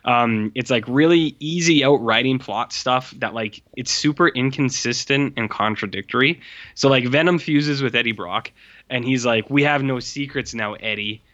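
Animated man with a bright, muffled voice. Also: medium pitch, normal speed. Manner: animated, mimics film lines, swears freely. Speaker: podcast co-host reviewing movies. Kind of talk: casual film review chat. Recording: muffled lo-fi sound.

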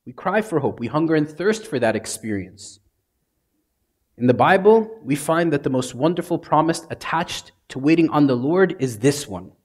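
A priest preaching a sermon with a husky, slightly breathy voice at an ordinary pitch. He talks conversationally and casually, then sinks into hushed, intimate lines for emphasis. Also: expressive, a little fast. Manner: conversational, dramatic, drops to soft hushes.

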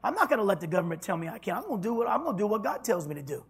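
Husky high-voiced preaching pastor. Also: male voice, very animated, rapid-fire. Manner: storytelling preacher, swinging from loud to hushed. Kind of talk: sermon.

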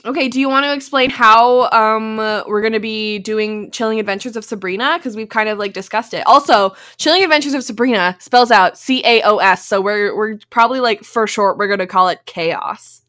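A woman's voice: on the high side, brisk, few pauses, a bit bright. A young woman co-hosting a podcast in easygoing casual chat, often agreeing and chiming in. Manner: easygoing, with frequent affirmations. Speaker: podcast co-host.

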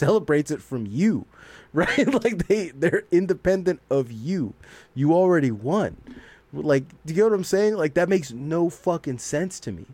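A man's voice: fairly high pitch, darkish tone, no echo. A man co-hosting a podcast, talking in a rambling, profane way and laughing often. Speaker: podcast co-host. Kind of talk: casual chat.

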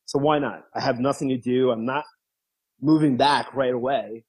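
Husky man telling stories. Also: normal speed, poor audio. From New York. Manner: animated, laughs often, acts out quotes in a higher voice. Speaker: interview guest. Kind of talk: casual storytelling.

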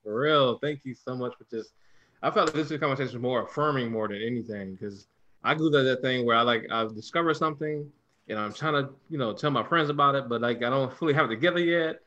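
Bright-voiced man podcast host. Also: mid-range voice, fast talker, dull audio. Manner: grateful, affirming, relaxed slang. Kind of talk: casual chat.

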